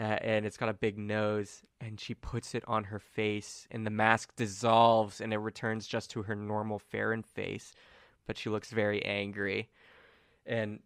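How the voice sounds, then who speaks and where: A man's voice: lowish voice, clean tone, dry recording, clean studio sound. A man acting as game master, narrating a tabletop game casually with many fillers.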